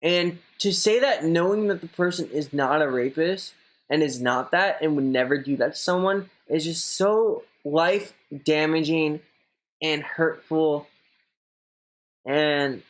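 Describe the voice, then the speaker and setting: A young man reading out viewer messages on a live stream and chatting back casually, rambling and swearing a lot. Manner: mocks a high gushing voice when quoting others.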